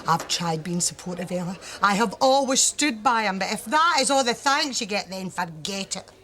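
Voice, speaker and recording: An actress with a Scottish accent playing a hesitant, uneasy wife. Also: female voice, mid-range voice, expressive, normal speed, pushed and bright. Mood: weary. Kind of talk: TV sitcom acting.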